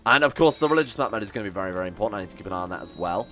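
A man's voice: on the low side, animated, rapid-fire, pushed and bright. A young man giving casual, chatty gameplay commentary, sarcastic and swearing as he talks back to the game's characters. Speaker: gaming YouTuber.

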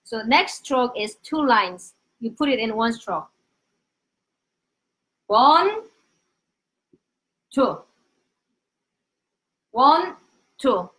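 High-voiced Korean-accented woman teaching. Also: drawn-out words, long pauses. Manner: animated, drills pronunciation with repetition. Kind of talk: casual live-stream language lesson.

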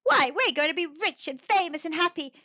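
A woman voicing a lively, cheeky young man who teases and jokes. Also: very high-pitched, fairly quick, no room sound, voice pushed up, full character voice. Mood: teasing. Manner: teasing. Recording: dull dry recording.

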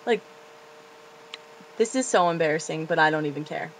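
A woman's voice: low-pitched, normal speed, slight background noise, low-quality recording. Profane, rambling teenage woman vlogging. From Florida. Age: late teens. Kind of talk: confessional casual rant. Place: her bedroom.

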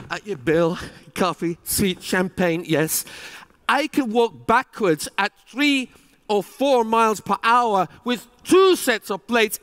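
A man delivering a conference keynote with lively, emphatic energy, his voice sitting high for a man. The sound carries a long reverberant tail from a large hall around him. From England. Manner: animated, emphatic, with rising exclamations. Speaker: keynote speaker.

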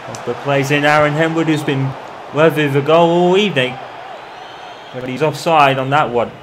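Man doing excited football-style game commentary. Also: fairly high pitch, normal speed, noisy background. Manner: broadcast-style play-by-play, erupting at goals. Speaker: gaming commentator. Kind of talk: mock football match commentary over gameplay.

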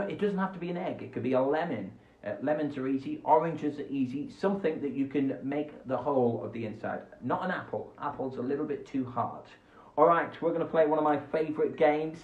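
A man's voice: medium pitch, reverberant, dull audio. A man hosting a live-streamed children's show from home, playful and silly, recorded on a phone. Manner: animated, jumps between voices and asides. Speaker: children's radio host. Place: at home beside a window. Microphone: phone camera.

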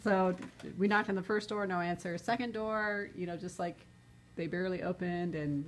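A woman telling a group, in a casual and lively way, about going door to door. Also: on the low side, normal speed, slight background noise. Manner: lively, laughing storyteller. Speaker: training participant.

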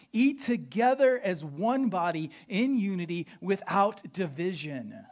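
A pastor preaching a sermon, explaining history with an animated, questioning teaching manner. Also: mid-range voice. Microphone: podcast recording of a live sermon.

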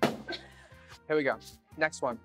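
A man's voice: on the high side, animated, slow pace, a bit bright, faint music behind. A man hosting a casual cooking chat in a home kitchen, tipsy and playfully teasing his guest. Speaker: host.

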